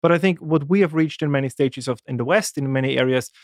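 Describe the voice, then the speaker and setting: A man, a guest making lively, animated arguments in a casual political discussion. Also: mid-range voice, quick pace, no room sound, clean studio sound. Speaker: guest commentator.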